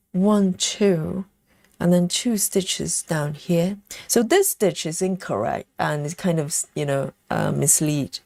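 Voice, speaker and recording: A lowish, creaky, darkish female voice carries this casual cross-stitch livestream, recorded with no room sound. She counts stitches, responds to viewer comments, and keeps interrupting herself, with plenty of fillers.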